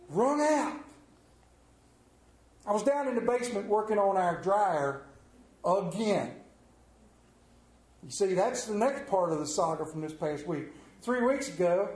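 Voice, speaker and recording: A man with a high voice preaches a conversational sermon, spinning folksy, humorous stories. The sound carries a roomy church echo. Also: darkish tone. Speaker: lay preacher. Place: church sanctuary.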